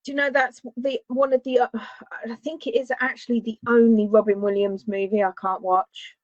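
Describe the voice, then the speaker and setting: A woman's voice: fairly high pitch, flat delivery, normal speed, no echo. A woman with a Northern English accent, co-hosting a casual podcast chat and making dry, wry remarks. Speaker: podcast co-host. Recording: dry, dull lo-fi sound.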